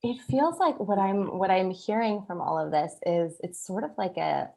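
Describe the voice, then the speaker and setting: A woman from the United States hosting a casual interview, encouraging her guest and quick to laugh. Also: medium pitch, expressive, vocal fry, darkish tone. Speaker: interview host.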